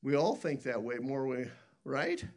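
A man with a gravelly, rough-edged voice preaches a sermon. His pitch sits in a middle range, and he tells his stories earnestly, often stopping and restarting his sentences. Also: big pitch swings, a little slow. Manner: rambling storytelling with many restarts.

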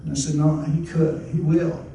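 A man preaching a folksy, rambling sermon, his slightly high voice carrying from a distance. The sound is very echoey, with faint noise behind. He restarts often and talks like he's chatting with the congregation. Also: little pitch movement, moderate pace, creaky, warm tone. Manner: conversational, repeats and restarts, folksy exclamations. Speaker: pastor.

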